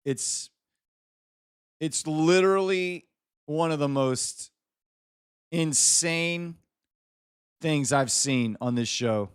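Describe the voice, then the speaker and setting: A man with a high, smooth, clear voice hosts a live stream. He teases a viewer and scolds him in mock exasperation. The sound is dry and close, with no room around it. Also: extremely slow, pauses often, dry recording. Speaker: livestream host. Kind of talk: live stream chat banter.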